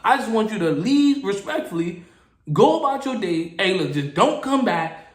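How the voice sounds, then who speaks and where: High-pitched guy ranting animated podcast style, echoey room. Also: normal speed. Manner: animated storytelling, mimicking people. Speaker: podcast host, security guard. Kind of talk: casual podcast monologue.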